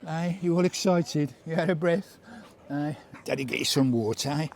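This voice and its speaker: British vanlife vlogger, chatty and doting, recorded outdoors with a noisy background. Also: male voice, fairly high pitch, normal speed, darkish tone. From United Kingdom. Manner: chatty, doting, talks fondly to his dog. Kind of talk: casual vlog chat. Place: in and around a camper van at a campsite.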